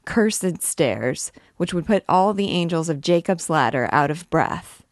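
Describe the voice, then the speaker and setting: A woman's voice: lowish voice, expressive, unhurried, no echo, studio quality. A woman reading aloud, voicing a mischievous young male student with a playful, teasing manner.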